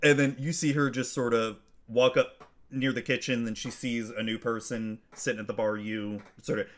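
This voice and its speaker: A man's voice: mid-range voice, little pitch movement, normal speed, a bit bright. A man narrating a tabletop game as game master, casual and rambling with lots of fillers.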